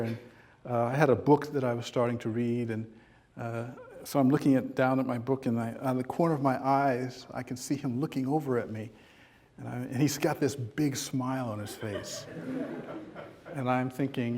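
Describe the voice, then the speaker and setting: A man at a lecture room podium, delivering a keynote with humor. He slips into a storyteller's voice with lifted pitch to act out dialogue. His relaxed, self-mocking delivery is dotted with fillers. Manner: animated, acts out dialogue in a story with rising pitch. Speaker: keynote speaker.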